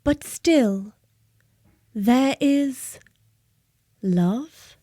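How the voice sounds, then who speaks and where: A woman voicing a pompous radio poetry reader in a whispered role-play, speaking in a slow, fruity whisper with odd stresses and broken phrasing. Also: a little high, lively intonation, dark tone, dry recording, clean studio sound, exaggerated voice. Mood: portentous.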